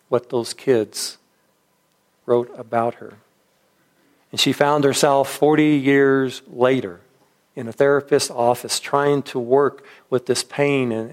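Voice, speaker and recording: Male pastor, mid-pitched, reflective storytelling sermon, stumbles and restarts often.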